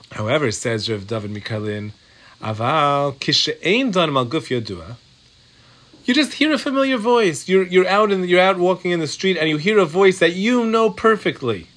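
A man's voice: a little high, fairly bright tone. A man teaching a Torah class, reading Hebrew and Aramaic text and explaining it in English through repeated examples. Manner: repetitive, working through examples aloud. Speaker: Talmud teacher.

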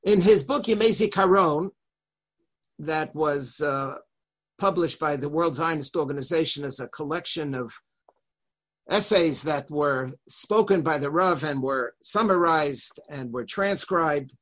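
A man teaching a Torah lesson who reads Hebrew passages quickly and translates them line by line. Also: on the high side, fairly bright tone. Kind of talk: lecture on a religious text.

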